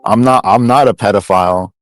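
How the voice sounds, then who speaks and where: A man in an online voice-chat argument, answering curtly and dismissively and defending himself. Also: lowish voice.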